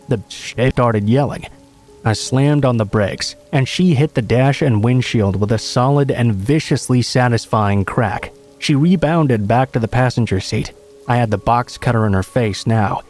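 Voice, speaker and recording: A man reading a true scary story aloud in measured, dramatic narration. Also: medium pitch, a little mellow.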